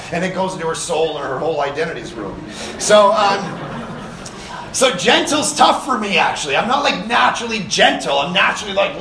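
A man preaching a sermon at a camp meeting, with a lively, conversational delivery full of rhetorical questions. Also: a little high, a little fast, far from the mic, slight background noise. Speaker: pastor. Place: summer camp meeting hall. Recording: echoey room, speaker off-mic.

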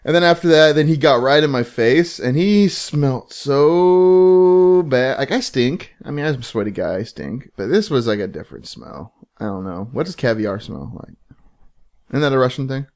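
A man's voice: mid-range voice, expressive, moderate pace, a little mellow. A man co-hosting a podcast in casual chat, self-deprecating and crude, laughing a lot. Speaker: podcast co-host.

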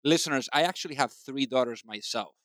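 A man's voice: mid-range voice, brisk, a bit bright, no echo, clean studio sound. A man hosting an interview, asking friendly questions and often repeating words as he starts. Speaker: podcast host.

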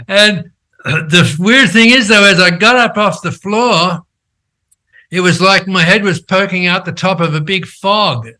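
An older man and company founder, telling his story in an animated, conversational way, checking in with "right?" as he goes. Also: high-pitched, unhurried. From Australia. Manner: animated storyteller who acts out quoted dialogue, frequent "right?" tags.

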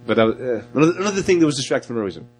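A man's voice: medium pitch, sing-song, very fast, darkish tone, faint music behind. A man co-hosting a casual movie podcast, joking, swearing and rambling. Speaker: podcast co-host. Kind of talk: casual movie review chat.

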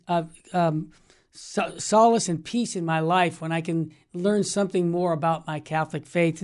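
A woman's voice: mid-range voice, darkish tone. A woman hosting a Catholic radio talk show, speaking earnestly and with emphasis, often repeating words as she restarts a thought.

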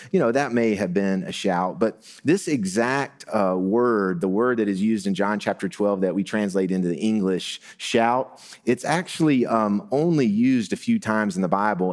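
A man's voice: lowish voice, darkish tone. Man preaching in a reverberant hall. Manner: conversational preaching, rising for emphasis. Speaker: pastor. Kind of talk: sermon.

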